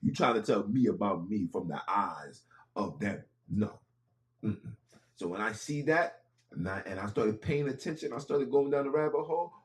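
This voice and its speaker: A man's voice: fairly low pitch, expressive, normal speed. A man hosting a podcast, speaking in an impassioned monologue with casual street phrasing and repeated lines for emphasis. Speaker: podcast host.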